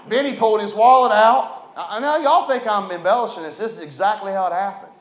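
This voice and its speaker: A man preaching a folksy storytelling sermon, animated and building to emphatic preaching. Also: high-pitched, brisk, a little hiss or hum. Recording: echoey room.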